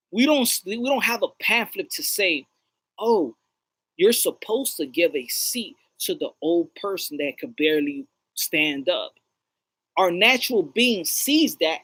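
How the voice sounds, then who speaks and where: A man's voice: high voice, sharp tone, dry recording, poor audio. A man co-hosting a podcast, talking in a rambling, preachy, repetitive way. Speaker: podcast co-host. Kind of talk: casual chat.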